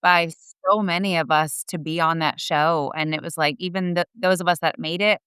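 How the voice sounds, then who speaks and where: A woman talking as a guest on a podcast, earnest and a little halting. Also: fairly low pitch, steady tone, fairly bright tone, clean tone, no echo, studio quality. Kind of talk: casual conversation.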